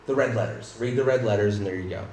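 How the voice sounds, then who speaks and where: A man's voice: on the low side, quick pace, darkish tone, roomy sound, slight background noise. A male pastor preaching a sermon in an emphatic, conversational way, often breaking off and restarting his sentences.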